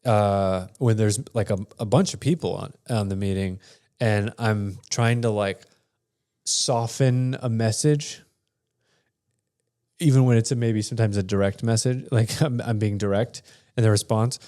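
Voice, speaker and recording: A man's voice: lowish voice, steady tone, a little slow, dark tone. A man co-hosting a podcast in casual chat, rambling and restarting often, laughing between thoughts. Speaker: podcast co-host.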